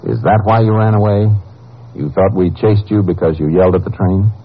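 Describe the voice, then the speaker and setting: An actor playing a calm, firm lawman who also narrates, in a 1950s radio drama. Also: deep voice, brisk. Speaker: Texas Ranger lead and narrator. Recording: dull lo-fi old radio recording with hiss.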